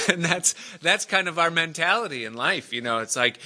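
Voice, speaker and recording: Bright-voiced conversational male preacher. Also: fairly high pitch, lively intonation, normal speed, hardly any pauses. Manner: conversational, chuckles often, tells jokes and stories. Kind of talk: sermon.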